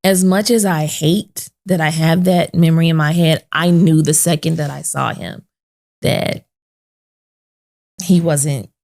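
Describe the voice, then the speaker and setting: Low, gravelly woman telling a personal story. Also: a little slow, darkish tone. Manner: emotional personal storytelling, acting out quoted voices. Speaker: podcast host. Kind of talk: sit-down podcast conversation.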